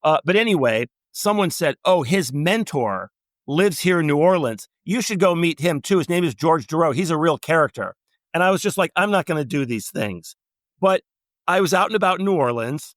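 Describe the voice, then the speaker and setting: A middle-aged man, a travel writer guest, telling long anecdotes and quoting people in animated storytelling. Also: fairly high pitch, moderate pace, no echo. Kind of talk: storytelling interview.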